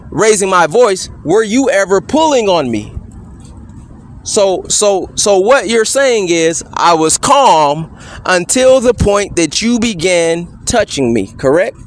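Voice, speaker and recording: A man cross-examining a police officer, firing off measured, insistent leading questions and tagging many with "correct?". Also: sits high. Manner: pointed leading questions, repeatedly asking "correct?". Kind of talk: courtroom-style cross-examination.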